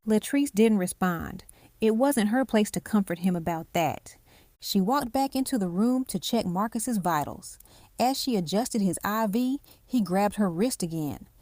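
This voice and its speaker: A woman's voice: mid-range voice, lively intonation, a little slow, a little mellow, dry recording. A woman narrating a hospital drama story, voicing each character's lines herself.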